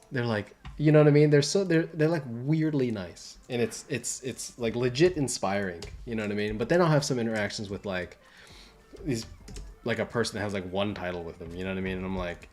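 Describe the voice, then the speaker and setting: A man's voice: on the low side, very animated, fairly quick, soft background music. A young adult man talking casually on a livestream, rambling with many fillers and restarts. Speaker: livestream host and entertainment designer.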